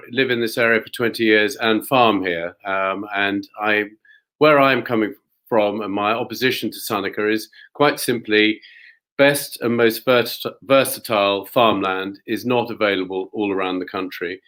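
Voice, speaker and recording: A man's voice: fairly low pitch, moderate pace, fairly bright tone. A man, a local farmer, giving a polite and explanatory prepared talk at a community event.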